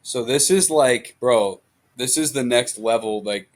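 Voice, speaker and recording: A man's voice: medium pitch, measured pace. A man as a guest in a casual reaction chat, rambling with lots of fillers. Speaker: guest, client.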